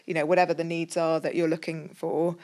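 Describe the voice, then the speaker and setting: A woman's voice: low-pitched, little pitch movement, a little fast, darkish tone. A woman with an English accent, a podcast guest, explaining leadership models thoughtfully with frequent ums and restarts. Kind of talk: casual podcast conversation.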